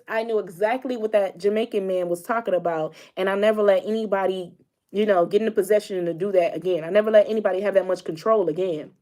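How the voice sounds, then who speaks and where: A young woman giving relationship advice in a casual chat to her viewers, bubbly and animated, laughing often as she talks. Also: on the high side. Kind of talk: casual direct-to-camera chat.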